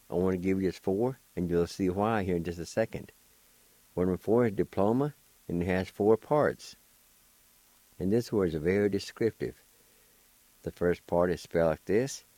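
A man's voice: low voice, warm tone, no echo. A man hosting a radio language lesson, patiently spelling out letters and syllables one at a time. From United States. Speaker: radio host teaching Cherokee words.

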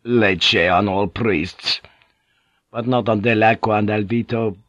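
A man's voice: fairly low pitch, steady tone, slow, a bit bright, dry recording, muffled recording. A man voicing a bitter, brooding ship pilot. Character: bitter, fearful middle-aged male ship pilot.

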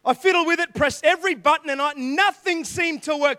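A man's voice: very high-pitched, fairly quick, sharp tone, dry recording. An Australian man telling a funny, self-mocking story in a youth sermon, talking animatedly and calling out to the crowd. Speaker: youth preacher.

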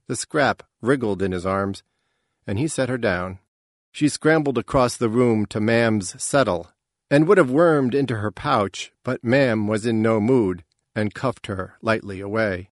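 A male narrator reads fiction in a measured, even way. His voice is on the low side and unhurried, and it is recorded dry, with no room sound. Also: no room sound. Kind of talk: scripted narration.

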